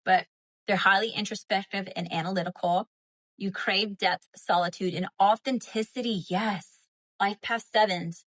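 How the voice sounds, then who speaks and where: A woman with a Southern accent hosts a casual spiritual livestream from home on a phone or webcam mic. Her mid-range voice is fairly bright and fairly even at a normal speed, and she's chatty and repetitive, often checking in with "right?" and "you know?".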